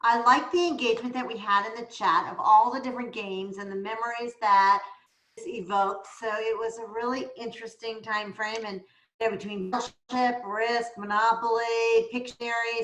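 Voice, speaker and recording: A woman's voice: fairly high pitch, steady tone, normal speed, fairly bright tone. A woman presiding over an online meeting on a video call, upbeat and welcoming as she thanks speakers and introduces the next part. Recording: echoey room on a video call.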